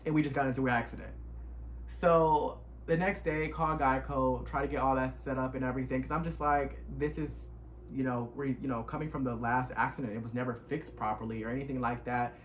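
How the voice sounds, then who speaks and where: A man's voice: medium pitch, brisk, a little hiss or hum. Young man telling an emotional storytime. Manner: animated, emotional retelling with dialect. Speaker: vlogger. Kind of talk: casual storytime.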